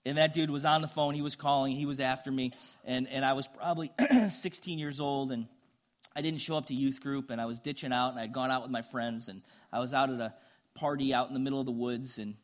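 A man's voice: mid-range voice, fairly even intonation, brisk. A middle-aged man preaching a sermon, telling a personal story in an earnest, conversational way. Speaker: pastor.

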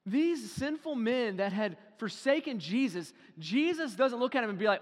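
High-voiced preacher in a reverberant hall. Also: male voice, expressive, moderate pace, few pauses. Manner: dynamic preaching, swinging from hushed to loud and acting out quotes. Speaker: pastor. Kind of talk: sermon. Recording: long reverb in a large hall.

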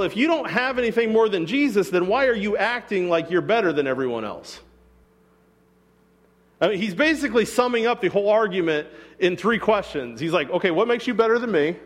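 A man preaching a sermon as pastor, talking casually and acting out quotes, sometimes with sarcasm. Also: high voice. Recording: long reverb of a church hall.

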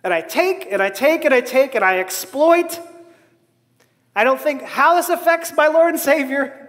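A man's voice: extremely high pitch, expressive, normal speed. A man preaching a sermon, earnestly retelling a storybook before turning it into a lesson. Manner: earnest, storytelling, soft for the tale. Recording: hall reverb.

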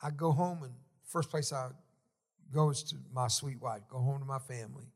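A middle-aged man preaching a sermon, telling folksy stories with emotion and sudden shouted swells. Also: medium pitch, moderate pace. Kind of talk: sermon storytelling.

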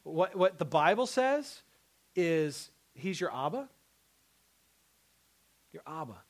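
A pastor preaching a sermon, a man whose voice sits a little higher than most. He talks conversationally and keeps asking "right?". He climbs into loud, rising outbursts, then drops to a hushed, tender softness. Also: very animated, takes it slowly. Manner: conversational, repeats words and asks "right?" often.

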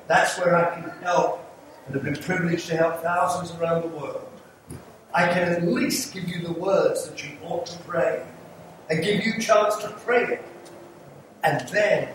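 An older man with an English accent preaching an earnest sermon as an evangelist, pleading with the congregation and making small jokes. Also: fairly high pitch. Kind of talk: sermon with altar call. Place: church sanctuary. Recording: echoey hall, mic far off, audible room noise.

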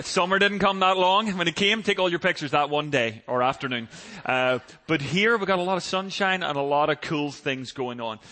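A middle-aged man from Ireland with an Irish accent, a guest pastor joking with the congregation at the start of a sermon in a large church. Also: a little high. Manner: joking, lively, self-deprecating.

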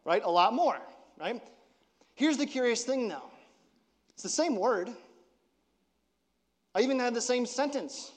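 A man preaches in a loose, conversational way. His fairly high voice jumps up in pitch and force when he acts out quoted lines. His voice rings out in a church sanctuary with a long reverb tail. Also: expressive, measured pace, pauses often. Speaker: pastor. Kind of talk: sermon.

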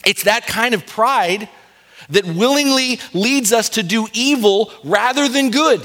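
A male pastor delivering an impassioned sermon, speaking straight to his congregation and swinging between quiet gravity and rising urgency. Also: very high-pitched, a little slow. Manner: impassioned preaching, rising and falling intensity; direct address to congregation as "beloved".

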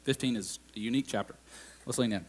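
A man's voice: medium pitch, quick pace. A man preaching a sermon in a conversational style, with asides and acted-out quotes. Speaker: pastor.

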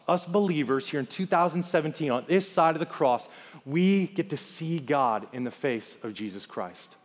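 Guy pastor preaching, fairly high voice, really emphatic, stacks up lists and questions, big echoey church hall. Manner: emphatic, building with repeated lists and rhetorical questions. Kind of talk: sermon. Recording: long reverb of a hall.

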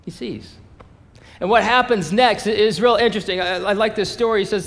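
A male pastor preaching a sermon in a casual, animated storytelling manner. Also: high-pitched, moderate pace, big-room sound.

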